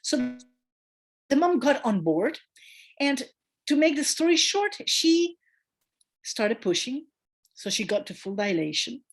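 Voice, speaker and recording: Woman midwife telling a story on a podcast, kinda high voice, really lively pitch, acts out the voices. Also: measured pace, pauses often. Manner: animated storyteller who acts out quoted voices; warm and emphatic, with hesitant fillers. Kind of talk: storytelling in a conversational interview.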